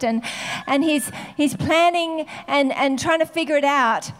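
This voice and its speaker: A woman preaches a sermon in a chatty, unscripted way. Her voice is high, and she often pauses with fillers before going on. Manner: conversational, with many fillers.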